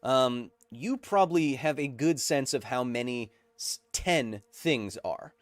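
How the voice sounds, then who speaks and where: Jokey guy hosting a live science stream, goofy rambling asides, mid-pitch voice, dry close mic. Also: lively intonation, slow pace, dry recording. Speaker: host.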